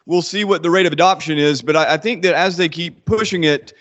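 A man being interviewed as an author, answering in a measured, thoughtful way with frequent hesitations. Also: a little high, fairly bright tone, muffled recording.

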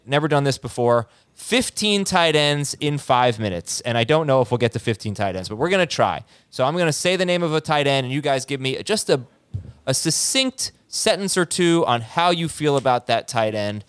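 A man hosting a sports podcast, talking in an upbeat, chatty way with quick asides. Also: mid-range voice, smooth, dry recording. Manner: upbeat, talkative, fast asides. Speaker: podcast host. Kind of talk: casual sports podcast chat.

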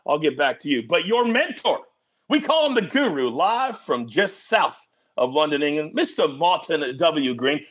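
A man hosting a sports betting show, animated and joking as he teases his guests. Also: on the high side, normal speed.

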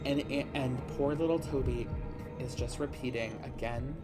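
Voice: mid-range voice, normal speed, loud music behind the voice. A podcast host giving a comic, rambling plot recap with dramatic "guess what" beats.

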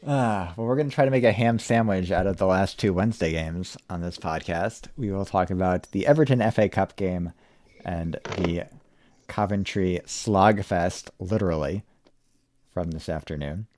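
A man's voice: low voice, normal speed, a little mellow, no echo. A man hosting a casual podcast, laid-back and wry, laughing often and swearing casually. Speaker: podcast host.

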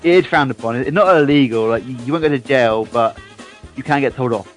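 A man's voice: mid-range voice, brisk. Young english guy from down south, cheeky radio banter, trips over his words, faint music under it. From England. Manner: cheeky, stammering restarts. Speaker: co-host.

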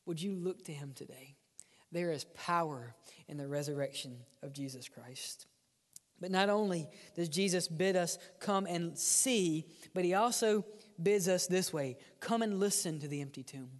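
A male pastor preaching a sermon, swinging between loud, driven lines and hushed, near-whispered ones. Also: fairly high pitch, moderate pace, big-room sound. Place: church sanctuary.

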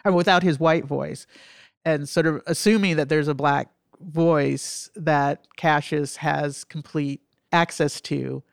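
A woman, a film critic and guest, talking over a film in a thoughtful, halting way with many fillers, her voice nasal from allergies. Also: sits low, steady tone, creaky, no echo, clean studio sound. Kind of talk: conversational film discussion.

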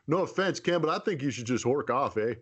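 Man putting on a gruff Canadian-accent guy. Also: mid-range voice, lively intonation, a little fast, lightly acted. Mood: mock-grumpy. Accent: put-on Canadian. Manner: exaggerated "eh?" tag endings. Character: joking grumbling Canadian man.

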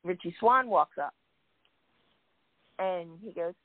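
A woman hosting a casual chat, telling a story in a lively way and acting out what others said. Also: on the low side, moderate pace, no room sound. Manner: lively storyteller, acts out quoted voices. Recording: tinny dry phone line.

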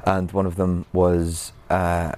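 A man's voice: low-pitched, completely flat delivery, slow pace, a little mellow. A young man and actor guest, telling stories in a casual, self-mocking way and laughing at himself. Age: young adult. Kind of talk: casual interview chat.

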